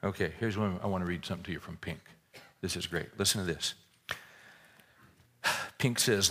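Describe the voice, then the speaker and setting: A man's voice: sits low, fairly even intonation, moderate pace, long pauses, a bit bright, husky. A man preaching a sermon, retelling a scripture story in a folksy, joking way and often repeating words as he restarts a thought.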